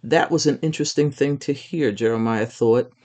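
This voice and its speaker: Male storyteller, mid-pitched, steady reading of a kids' chapter book. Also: normal speed. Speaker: narrator.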